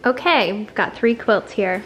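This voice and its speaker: A woman's voice: mid-range voice, a little slow, muffled recording, slight background noise. A woman in her thirties hosting a casual family vlog, chatty and upbeat. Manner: chatty and upbeat, talks to her toddler and mother. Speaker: vlog host.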